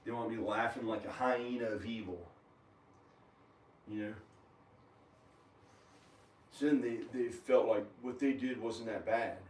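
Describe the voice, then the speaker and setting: A man at home in his kitchen, rambling in an agitated, meandering monologue with frequent pauses and fillers. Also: medium pitch, steady tone, a little hiss or hum. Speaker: video maker. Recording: echoey room, camera far from the mouth.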